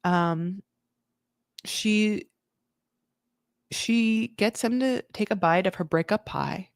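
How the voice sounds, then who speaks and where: A woman's voice: mid-range voice, slow pace, dry recording. Chatty woman recapping with laughs. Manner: animated, chatty, laughs often, acts out quotes. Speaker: comedic recap podcast host. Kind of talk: comedic reality TV recap.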